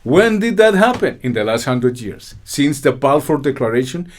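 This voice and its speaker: A man's voice: mid-range voice, very animated, moderate pace. A man from Colombia, delivering an angry, indignant political monologue peppered with swearing. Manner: loud, indignant, swearing, with mocking laughs. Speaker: political commentary host.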